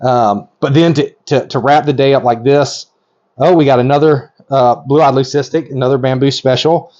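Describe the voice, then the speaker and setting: A middle-aged man narrating a hands-on video as a reptile breeder, excited and gushing, rambling with lots of ums. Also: mid-range voice, moderate pace, muffled recording.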